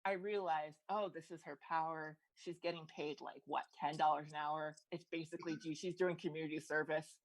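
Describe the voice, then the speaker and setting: A woman's voice: deep voice, steady tone, normal speed, few pauses, low-quality recording. A comedian telling a rambling stand-up story, restarting her sentences and laughing at her own lines. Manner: rambling, self-interrupting, laughs through lines.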